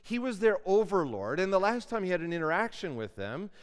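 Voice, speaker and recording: A man with a fairly high, smooth, resonant voice teaches a class in a lecture hall. He talks in a loose, conversational way and often turns to ask his listeners questions. His voice rings with long reverb from the room. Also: sing-song, brisk. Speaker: Bible lecturer.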